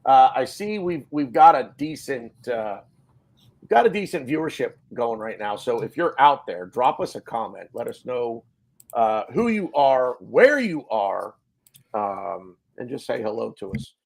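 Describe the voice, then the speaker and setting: A man's voice: medium pitch, big pitch swings, measured pace, vocal fry. Guy hosting a fan show on a video call, lots of ums, voice bounces all over. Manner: chatty, jokey, lots of fillers. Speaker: podcast host. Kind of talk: casual fan show chat.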